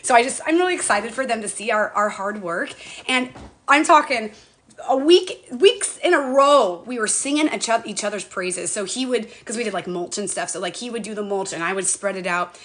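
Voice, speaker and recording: A woman's voice: medium pitch, lively intonation, moderate pace, fairly bright tone. A middle-aged woman chatting casually on a home live stream, bubbly and talkative, greeting viewers by name.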